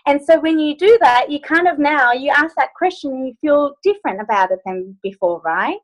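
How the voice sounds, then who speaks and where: A woman's voice: high-pitched, lively intonation, moderate pace, rough recording. A woman life coach leading a group video call from her phone, giving upbeat, playful instructions.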